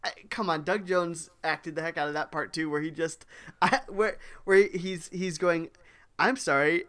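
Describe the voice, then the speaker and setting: A man co-hosting a podcast in casual chat, eager and quick to jump in. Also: a little high, fairly even intonation, a bit bright. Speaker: podcast co-host.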